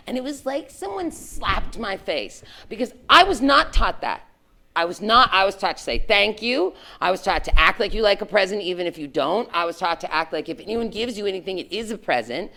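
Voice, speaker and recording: A middle-aged woman, a former tech executive, telling a story to students in a frank, animated way, full of "like" and "right?". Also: medium pitch, a little fast, creaky. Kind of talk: candid storytelling talk to students.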